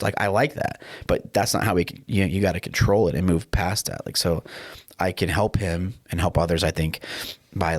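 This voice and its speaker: Deep-voiced guy hosting a podcast, loose and rambly, dry room. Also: dry recording. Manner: relaxed, rambling, many restarts. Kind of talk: casual conversational podcast talk.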